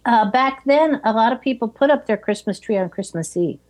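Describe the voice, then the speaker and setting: A middle-aged woman in casual chat, calmly retelling a film and sharing memories of the past. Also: fairly high pitch, a little fast.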